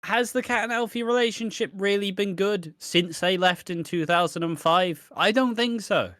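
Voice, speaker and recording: A man co-hosting a casual podcast, blunt and sweary in an animated way. His voice is bright and forceful. It is recorded close on a dry mic with no room sound. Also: sits high, normal speed, dry recording. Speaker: podcast co-host.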